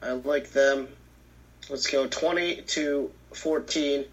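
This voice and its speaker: A man co-hosting a casual sports picks chat, reacting quickly and stating his picks with confidence. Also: mid-range voice, steady tone, highs cut off. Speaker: co-host.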